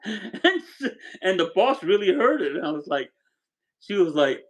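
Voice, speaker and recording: A man's voice: high voice, sing-song, slow, long pauses, low-quality recording. An older man from Arizona hosting a casual livestream from his home, reading out viewers' names and telling rambling stories. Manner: rambling, warm storytelling, thanks viewers by name. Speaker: livestream host. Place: home with a wood stove.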